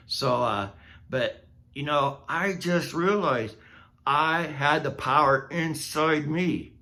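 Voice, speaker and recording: A man's voice: a little high, slow, sharp tone. A man vlogging a personal story in a casual, candid way, laughing at himself as he goes. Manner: candid and self-mocking, laughing at his own misery.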